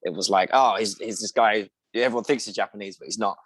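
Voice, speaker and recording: A man's voice: fairly low pitch, quick pace, slightly rough, no room sound. A young man, an actor from England, chatting as a podcast guest and telling anecdotes with acted-out quotes. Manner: animated storyteller, acts out quoted voices. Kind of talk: casual interview chat.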